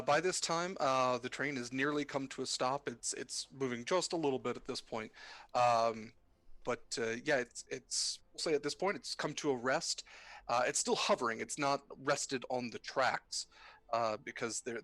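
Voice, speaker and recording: A man's voice: mid-range voice, steady tone, moderate pace, pushed and bright, no room sound. A man narrating as game master of a tabletop game, rambling with many fillers and restarts. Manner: rambling, hesitant, lots of fillers.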